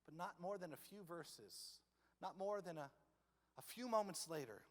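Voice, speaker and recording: A man preaching a sermon in a church, moving from hushed appeals to loud, fervent storytelling. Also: high-pitched, lively intonation, moderate pace, long reverb tail. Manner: passionate, swings from soft to loud. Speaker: pastor. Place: church sanctuary.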